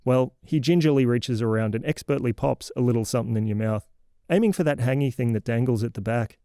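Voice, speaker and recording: A man's voice: mid-range voice, brisk, mellow, clean tone, no echo, studio quality, natural voice. A man doing a cranky scolding neighborhood crank. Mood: sardonic lecturing. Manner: sarcastic, theatrical scolding. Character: cranky scolding older man lecturing a kid. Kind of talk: comic horror audio fiction monologue.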